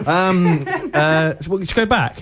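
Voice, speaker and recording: Rambling radio host. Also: male voice, fairly high pitch, lively intonation, takes it slowly, crowd noise. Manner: rambling, restarts a lot. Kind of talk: comedy radio chat. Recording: music behind.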